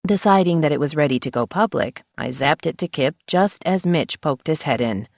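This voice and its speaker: A woman narrates a first-person novel with a brisk, wry delivery. Her voice sits low, recorded close on a studio mic in a dry, dead room. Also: expressive, a little mellow, dry recording. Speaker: audiobook narrator.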